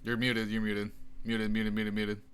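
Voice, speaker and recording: Young man, bright tense voice, profane banter, podcast co-host. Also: lowish voice, monotone, unhurried, clean tone. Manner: profane, laughs often, bossy when troubleshooting. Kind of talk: casual banter.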